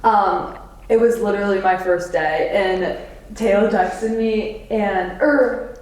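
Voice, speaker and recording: A young woman earnestly recounts a work achievement in relaxed conversation. She sounds far from the mic, and a strong room echo hangs on her voice. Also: mid-range voice, takes it slowly. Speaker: PR intern guest. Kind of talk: casual podcast chat. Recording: echoey, from a distance.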